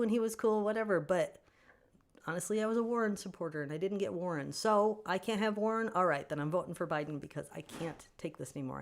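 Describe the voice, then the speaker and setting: Chatty, opinionated woman with a low voice. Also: fast. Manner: animated and chatty, laughing often, opinionated. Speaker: author hosting a fan Q&A stream. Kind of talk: casual livestream chat, answering viewer comments.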